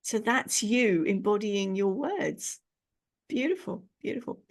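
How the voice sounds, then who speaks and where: A British woman hosting a podcast interview as a speaking coach, talking in an encouraging, expressive way. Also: mid-range voice, measured pace. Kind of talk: conversational interview.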